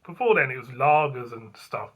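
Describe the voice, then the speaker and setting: A man's voice: mid-range voice, expressive, moderate pace, dull audio. A man, hosting a beer review channel, tells a rambling, chatty story full of fillers and repeated phrases. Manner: rambling, repeats himself, frequent fillers and chuckles. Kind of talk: casual anniversary vlog storytelling.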